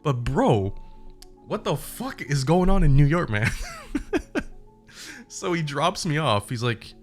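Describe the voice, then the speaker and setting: A man's voice: a little high, slow pace, soft background music. Young man swearing through a comic story. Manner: animated, profane, laughing retelling. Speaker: streamer. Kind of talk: casual storytelling.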